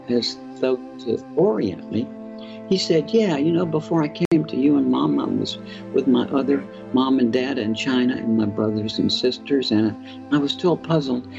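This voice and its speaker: A middle-aged man speaks in a reflective, halting way as he tells personal stories for an interview. His voice has a gravelly fry. The recording is dull and lo-fi, with music playing beneath him. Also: mid-range voice. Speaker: author and filmmaker guest. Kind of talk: storytelling in an interview. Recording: dull lo-fi sound with music underneath.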